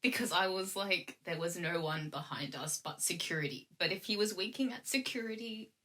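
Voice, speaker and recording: Bright-voiced young woman. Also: on the low side, moderate pace. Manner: chatty, laughs often, acts out quoted lines. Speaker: guest. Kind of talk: casual storytelling chat.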